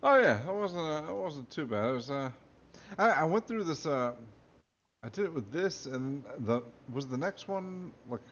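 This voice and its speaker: Podcast co-host and author, animated and playful, muffled lo-fi sound. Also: male voice, on the high side, a little hiss or hum. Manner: jokey, self-amused, halting with restarts. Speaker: author reading his own book. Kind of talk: comic book reading and podcast chat. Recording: dull lo-fi recording.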